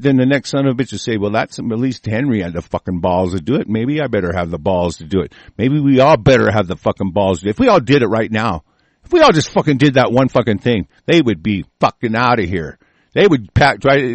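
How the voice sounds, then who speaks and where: A man's voice: medium pitch, no echo. A man hosting a talk show, delivering a furious, profane and confrontational political rant.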